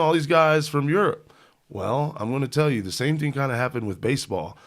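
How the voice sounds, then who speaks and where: A man co-hosting a casual sports podcast, telling stories with animation and frequent laughter. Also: lowish voice. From Indiana. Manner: animated storyteller who laughs often. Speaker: podcast co-host.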